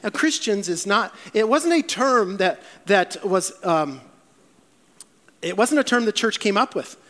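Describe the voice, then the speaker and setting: A man preaching a sermon as a pastor in a church, telling stories with animated, voiced quotes. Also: high voice, unhurried, long reverb tail.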